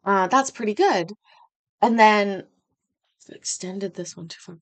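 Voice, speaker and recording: A woman's voice: medium pitch, takes it slowly. Chatty woman hosting a livestream. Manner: chatty, rambling, self-deprecating. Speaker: host. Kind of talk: casual livestream chat.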